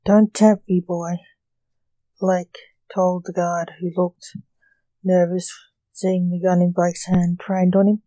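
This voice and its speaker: A woman reading her short story aloud, slow and deliberate. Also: on the low side, completely flat delivery, warm tone, no room sound.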